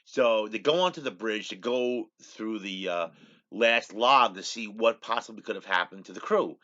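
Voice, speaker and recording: A man's voice: on the low side, normal speed, sharp tone, muffled recording. A man hosting his own show, casually retelling a TV episode in a rambling way, saying "he goes" over and over. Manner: rambling, repeats "he goes" constantly. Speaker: show host.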